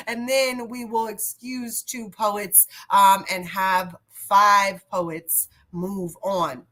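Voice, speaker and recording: A woman hosts a virtual poetry slam in a bright, high voice. She talks slowly, in a chatty and upbeat way, and drifts into singing between the scores. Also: steady tone. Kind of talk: casual live-stream hosting.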